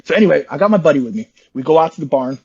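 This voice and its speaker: A man's voice: fairly high pitch, expressive, a little mellow, slightly rough, muffled recording. A man, an interview guest, telling a long rambling story in slangy, repetitive casual talk over a call. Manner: fast, repetitive, slangy, says "bro" often.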